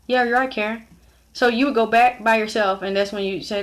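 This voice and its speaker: A woman's voice: fairly high pitch, steady tone, brisk. A middle-aged woman vlogger telling a personal story to her viewers, blunt and frank, talking straight to them. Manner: blunt, frank, acts out others' lines in shifted voices.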